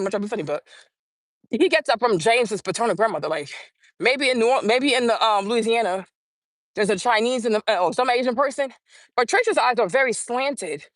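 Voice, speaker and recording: On a casual live stream, a woman in her forties addresses her phone directly in a high voice, animated and blunt, hammering points by repeating them. The audio is close and dry, with no echo and no room around it.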